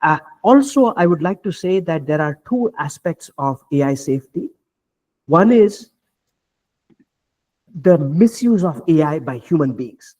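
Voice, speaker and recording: Measured, hesitant male AI researcher. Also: fairly high pitch, animated, a little mellow. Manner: measured, many fillers and restarts. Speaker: panelist, AI researcher. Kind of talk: panel discussion remarks. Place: virtual roundtable, video call.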